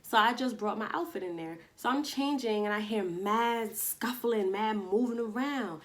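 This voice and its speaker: A woman from Long Island, casually telling a storytime vlog to camera at home, slangy and animated, acting out bits of dialogue. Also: on the high side, normal speed. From Long Island, New York. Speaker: vlogger. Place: indoors at home, daytime.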